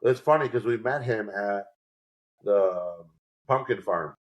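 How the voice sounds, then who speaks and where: A man with a fairly low voice chats casually on a podcast, spinning loose, rambling anecdotes. He drops into quick impressions of the people in his stories, then falls back into an easy, offhand tone. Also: low-quality recording. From New York. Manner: rambling storyteller, acts out quotes. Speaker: podcast co-host. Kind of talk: casual chat.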